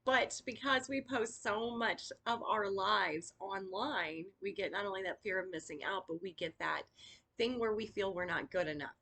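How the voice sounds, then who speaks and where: A woman's voice: mid-range voice, moderate pace, gravelly, sharp tone. A woman giving a casual spoken lesson on Reiki, chatty and encouraging, with frequent fillers. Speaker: Reiki teacher.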